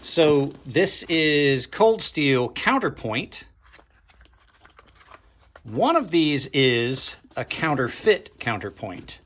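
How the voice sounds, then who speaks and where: A man's voice: mid-range voice, a bit bright. A man hosting a casual knife unboxing vlog, talking to his viewers as he opens packages, thinking aloud and trailing off mid-sentence, with dry sarcastic asides. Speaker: knife reviewer and channel host.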